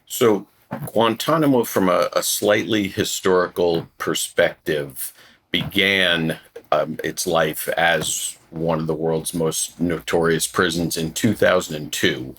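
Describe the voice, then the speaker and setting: Male lawyer guest, deep voice, measured explainer. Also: a bit bright, a little hiss or hum. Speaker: human rights lawyer, guest. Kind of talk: podcast interview.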